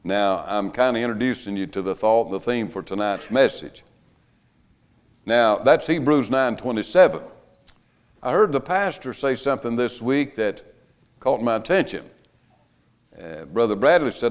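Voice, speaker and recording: Older preacher, folksy revival sermon with humor, mid-pitched, rising to emphatic preaching. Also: male voice, expressive, normal speed. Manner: folksy, joking, building to loud emphatic preaching. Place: church sanctuary.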